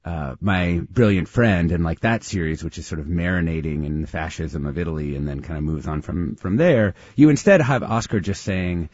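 A man's voice: deep voice, normal speed, hardly any pauses, a little mellow, dry recording, muffled recording. A man hosting a public radio interview, thoughtful and hesitant with many restarts. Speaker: radio host.

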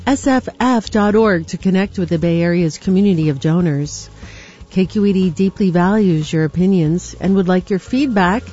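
A woman station announcer reading underwriting and schedule announcements in a steady read. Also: fairly low pitch, moderate pace. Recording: slightly muffled broadcast audio with faint music.

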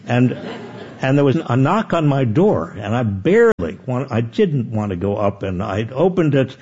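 An older man telling anecdotes as a guest author, with animated and self-deprecating restarts. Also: medium pitch, measured pace, muffled recording. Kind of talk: conversational storytelling.

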